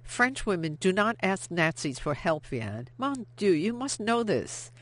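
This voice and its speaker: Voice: medium pitch, very animated, unhurried, pitched above the performer's own voice. An audiobook narrator voicing Isabel, a fierce young French woman who fires blunt, accusing questions.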